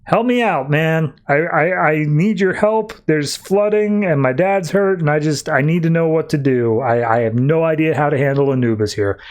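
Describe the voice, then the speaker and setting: A man's voice: fairly high pitch, moderate pace, few pauses, natural voice. A man voicing a panicked young male hero who feels like just a kid, stammering and flustered. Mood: pleading.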